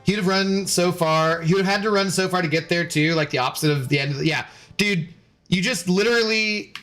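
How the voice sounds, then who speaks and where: Faint music plays behind a man whose high voice is a bit bright and fairly quick. During his casual game stream he wanders from topic to topic, welcoming viewers and voicing their chat comments.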